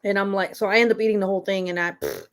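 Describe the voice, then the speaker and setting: A woman's voice: medium pitch, rapid-fire. Laid-back rambling woman guest. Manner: rambling, loose, laughs and swears casually. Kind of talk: casual livestream chat.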